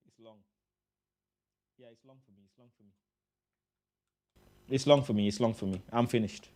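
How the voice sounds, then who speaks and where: A man hosting a fan reaction show, chatting casually and excitably, repeating himself. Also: on the low side, moderate pace. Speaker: host of a fan reaction channel.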